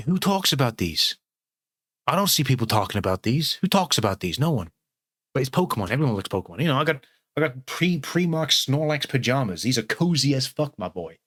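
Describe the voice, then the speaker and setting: A man rambles casually from home, hopping between thoughts and swearing freely. His voice sits in an ordinary middle pitch. The recording is dry and close, with little room sound. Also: fairly bright tone, no echo. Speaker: new channel host.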